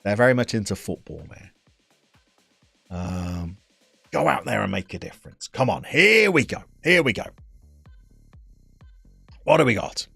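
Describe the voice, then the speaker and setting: A man's voice: on the low side, very animated, a little slow, creaky, long pauses, sharp tone, breathy edge, no room sound, soft background music. A man in his thirties from England chatting casually and teasing viewers while he streams a game from home. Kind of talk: casual live-stream chat.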